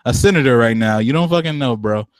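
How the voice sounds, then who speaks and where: A young man co-hosting a casual podcast, talking in slangy, profane bursts that jump up in pitch when he gets riled. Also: expressive, fast, no room sound, studio quality. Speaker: podcast co-host. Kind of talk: casual chat.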